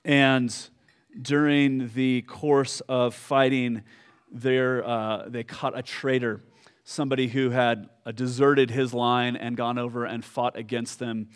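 A man preaching a sermon, telling a story slowly with fillers and pauses, dropping soft at solemn moments. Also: medium pitch, flat delivery, clean tone. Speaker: pastor.

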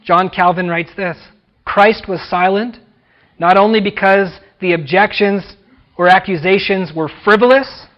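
High-voiced American preacher, dramatic delivery. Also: male voice, lo-fi sound. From United States. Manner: dramatic, acts out quoted voices. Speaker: pastor. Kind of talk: sermon.

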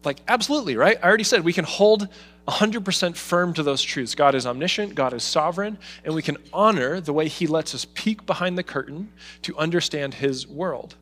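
A man's voice: fairly high pitch, brisk. A man preaching a sermon, talking with feeling and putting heartfelt pleading into the words he gives to God. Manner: expressive, voices God's pleading in emotional asides. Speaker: pastor.

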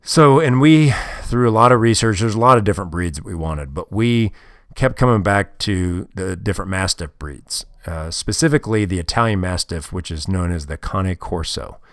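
Podcast host, male, very low voice, worn out and rambling, dry close sound. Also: lively intonation, moderate pace, a bit bright, dry recording. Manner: rambling, frank, self-deprecating, with crude words. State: tired, yawning. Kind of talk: casual solo podcast storytelling.

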